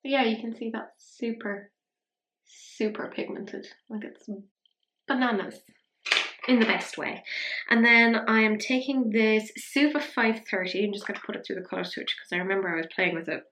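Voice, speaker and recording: A young woman talks through her makeup look in a chatty, self-mocking way, slipping into whispers as she blends. Her voice has a gravelly fry to it. The room rings with noticeable echo. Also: a little high, normal speed, noisy background. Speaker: beauty vlogger. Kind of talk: casual makeup tutorial chat.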